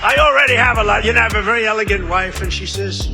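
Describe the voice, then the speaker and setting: A man's voice: high-pitched, rapid-fire, gravelly, over music. A man giving a rambling, repetitive rally speech, drifting between asides and acting out other people's lines. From United States. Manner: repetitive, digressive, acts out quoted voices. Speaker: political rally speaker. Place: large rally venue. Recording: echoey amplified rally hall.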